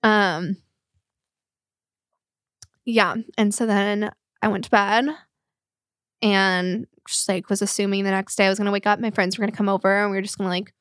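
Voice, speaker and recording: A woman's voice: mid-range voice, little pitch movement, normal speed, long pauses, a bit bright, no room sound, clean studio sound. A young woman telling a painful personal story in a podcast talk, tearful and rambling with many fillers. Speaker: guest.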